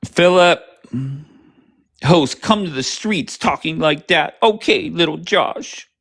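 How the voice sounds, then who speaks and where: A man's voice: on the high side, animated, a little slow, vocal fry, a bit bright, breathy edge. A man hosting a live stream, talking casually with heavy swearing and a combative, sarcastic manner. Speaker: livestream host. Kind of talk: casual profane livestream chat.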